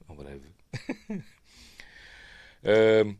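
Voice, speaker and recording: A man's voice: low-pitched, expressive, moderate pace, no room sound, clean studio sound. A man with a Yorkshire accent chatting casually as a film reviewer, talking over the movie as it plays and rambling with many ums and asides. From Yorkshire, England.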